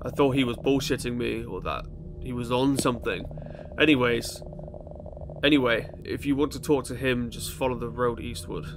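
A man voicing a wary camper who speaks through a closed door, slow and cautious. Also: mid-range voice, background noise, natural voice. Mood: guarded.

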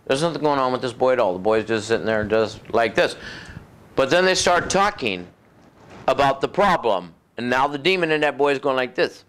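A man preaching a sermon in a folksy, conversational way, acting out other people's voices and dropping low and soft for effect. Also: expressive, fairly quick. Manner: acts out voices of demons and doubters, drops low and soft for effect.

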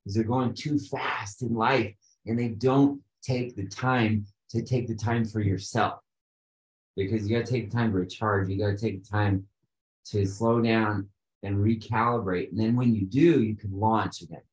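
A man's voice: fairly low pitch, steady tone, normal speed, a little mellow, reverberant, rough recording. A man being interviewed about an event he organized, talking in an earnest, enthusiastic, motivational way. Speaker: interview guest, retreat organizer. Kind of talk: casual interview.

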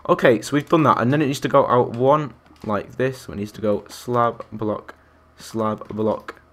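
A young man talks through a live game stream, counting out loud and responding to viewers and fellow players. His voice sits in the mid range with fairly even intonation, a normal speed, and a fairly bright tone.

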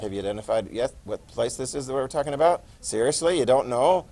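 A man teaching a history class, lecturing lively and quizzing his students as he goes. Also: mid-range voice, quick pace, few pauses, low-quality recording. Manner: lively, quizzing students and repeating key words.

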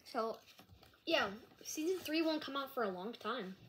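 A woman talking casually to camera in a rambling, halting apology vlog. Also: high voice, animated, fairly bright tone, a little hiss or hum. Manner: rambling, halting, with frequent restarts. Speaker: vlogger. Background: dog nearby.

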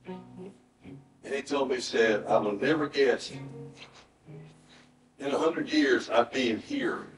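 A middle-aged man, preaching a sermon and telling a personal story in an earnest voice that often drops to a hushed, emotional tone. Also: medium pitch, expressive, takes it slowly, long pauses, faint music behind. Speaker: pastor. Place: church sanctuary. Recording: roomy church sound from a distant mic.

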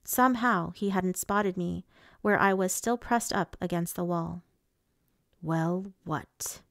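Slow, measured woman reading a novel. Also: fairly low pitch, vocal fry, dry recording, clean studio sound. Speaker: audiobook reader. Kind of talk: first-person novel narration.

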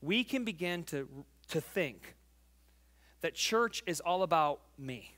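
A man in his forties preaching a sermon as pastor, fervent and emphatic, telling a family story and dropping to quiet intimacy. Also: a little high, lively intonation, takes it slowly, long pauses. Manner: tells a family story, acting out the voices.

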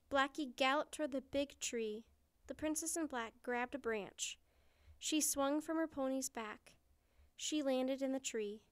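High, clear-voiced woman reading a storybook. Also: no echo. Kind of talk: children's storybook read-aloud.

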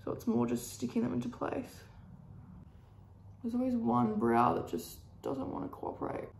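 A young Australian woman with a hoarse, gravelly voice, talking in chatty, upbeat vlog style while she does her makeup. She is recorded in an echoey room with a faint hum behind her. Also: fairly high pitch, sing-song, normal speed, a little mellow. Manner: chatty, upbeat, lots of fillers. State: hoarse, croaky voice. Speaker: beauty vlogger. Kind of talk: casual chat while doing makeup.

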